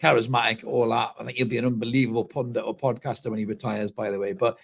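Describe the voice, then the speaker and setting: A man hosts a live football reaction stream, blunt and sweary as he reads out viewers' comments. He sounds tired, and his voice is husky. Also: mid-range voice, flat delivery, quick pace. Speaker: football fan channel host. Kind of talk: live post-match reaction and reading comments.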